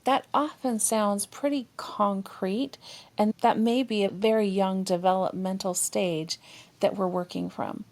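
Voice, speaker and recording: A woman's voice: mid-range voice, fairly even intonation, measured pace, darkish tone. A woman therapist co-hosting a relationship podcast, talking expressively and acting out inner dialogue with feeling. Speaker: therapist co-host.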